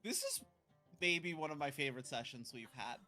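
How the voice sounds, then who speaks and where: A player in a tabletop game, joking in and out of character. The voice is bright and forward, and the pitch swings widely. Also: very animated, faint music behind. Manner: fast, joking, self-correcting. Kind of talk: casual in-character chat.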